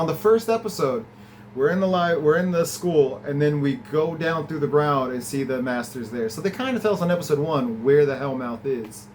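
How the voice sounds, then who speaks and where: A man at a middle pitch, talking through an episode in a loose, chatty recap. He gets excited easily, laughs along the way, and his voice leaps upward when something delights him. There is a faint hiss of room noise behind him. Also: rough recording. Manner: chatty and enthusiastic, laughs often, swings from low to high pitch. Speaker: podcast host reviewing an episode. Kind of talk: casual recap and commentary.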